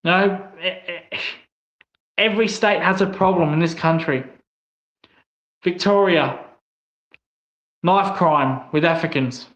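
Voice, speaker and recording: A man's voice: a little high, takes it slowly, long pauses, fairly bright tone. A man with an Australian accent giving a blunt, angry opinion monologue, swearing often as he talks. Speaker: online commentator. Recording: echoey, slightly dull room sound.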